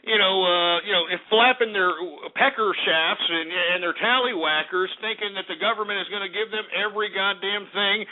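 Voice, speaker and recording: A man's voice: high-pitched, moderate pace, few pauses. A man hosting a talk radio show, ranting brashly and profanely with many fillers while reading out market numbers. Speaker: radio host. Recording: phone-like lo-fi radio stream.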